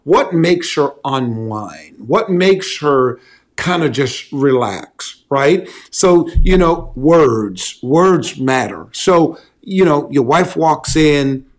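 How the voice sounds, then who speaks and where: A man preaching in a relaxed, conversational way, repeating key phrases and asking rhetorical questions. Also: fairly high pitch, slow. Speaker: pastor. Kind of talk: conversational sermon on love and relationships.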